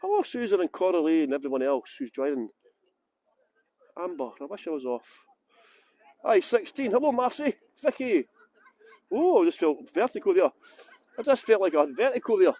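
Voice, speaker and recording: Brief: Scottish tour guide, middle-aged man, cheeky banter with viewers, phone on a gimbal outdoors, very high pitch. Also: sing-song, normal speed, pauses often, dark tone, no room sound. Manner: cheeky, joking, chatty greetings to viewers. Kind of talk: livestreamed walking tour chat. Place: city streets outdoors.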